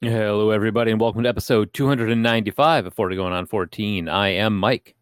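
A man's voice: on the low side, fairly even intonation, quick pace, dry recording, clean studio sound. A man hosting a casual podcast chat, jokey and swearing now and then as he leads the show. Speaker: podcast host.

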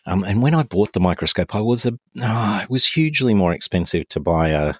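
Male co-host, very deep voice, halting, teasing casual banter, dry close sound. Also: animated, husky, no echo. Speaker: podcast co-host. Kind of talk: casual chat.

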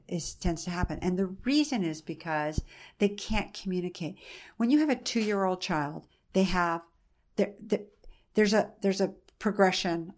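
Guest: woman, 40s, low-pitched, earnest mother recounting family hardship, halting repeats. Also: a little mellow. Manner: earnest, restarts and repeats phrases. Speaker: mother being interviewed. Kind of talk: emotional conversational storytelling.

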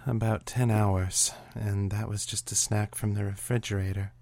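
A man reading the part of a sultry, teasing female medical examiner in a story, slow and suggestive. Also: sits low, fairly even intonation, dry recording. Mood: mock forlorn. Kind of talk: audiobook reading of a serial story.

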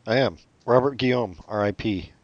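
Deep-voiced deadpan man, dry muffled sound. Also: normal speed, no room sound. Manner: deadpan, sardonic asides. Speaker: podcast co-host. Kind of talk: casual chat.

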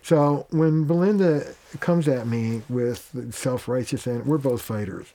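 A man with a mellow, warm-toned voice talks as a family therapist being interviewed. He is plain-spoken and casual, and he slips into quoted lines of dialogue to make his points. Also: mid-range voice, measured pace. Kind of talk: conversational interview.

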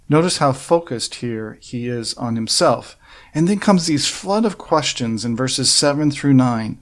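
With a medium-pitched, expressive voice, a man preaches through a psalm verse by verse. He is earnest and measured, posing rhetorical questions along the way.

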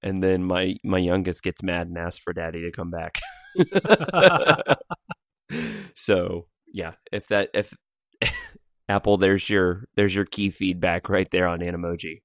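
Deep-voiced man chatting, laughing often. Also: a little slow, a bit bright, no echo, clean studio sound. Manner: laughs often, rambling asides. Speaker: podcast co-host. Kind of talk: casual podcast chat. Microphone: pop filter mic.

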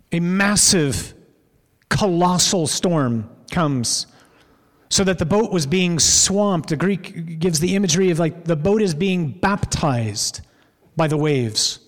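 Male preacher, fairly high voice, storyteller who stretches words for effect, reverberant church hall. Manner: vivid storytelling, draws out words for emphasis. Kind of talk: sermon.

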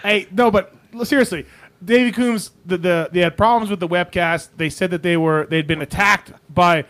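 A man's voice: high-pitched, moderate pace, fairly bright tone. A man hosting a call-in radio show, casual and stammering, often laughing.

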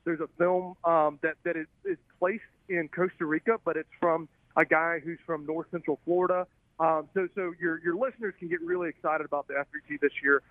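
A Southern-accented man talks loosely over a thin, tinny phone line, his voice a touch high and very dry. He rambles, restarts his sentences and chuckles as he goes. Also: fairly quick, dry recording. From Alabama. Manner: relaxed, rambling, many restarts and laughs. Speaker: guest filmmaker. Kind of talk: casual interview chat.

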